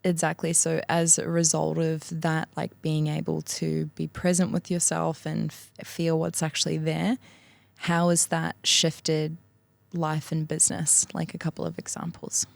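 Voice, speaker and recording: A woman coach hosts a podcast and asks her guest questions, supportive and affirming. She speaks very slowly in a lowish, gravelly voice. The sound is dry and close. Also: completely flat delivery, no echo. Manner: unhurried and affirming, with frequent mm-hmms and laughter. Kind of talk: coaching conversation.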